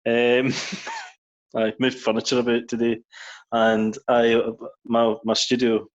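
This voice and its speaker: A man co-hosting a podcast, relaxed and hesitant, with plenty of ums. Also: mid-range voice, takes it slowly, dull audio. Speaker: podcast co-host. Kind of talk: casual chat.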